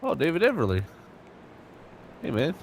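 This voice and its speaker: A man's voice: fairly high pitch, wildly swooping pitch, normal speed, vocal fry, a little hiss or hum. A young man commentating a sim race live, chatty and joking, with lots of fillers. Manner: casual, joking, filler-heavy.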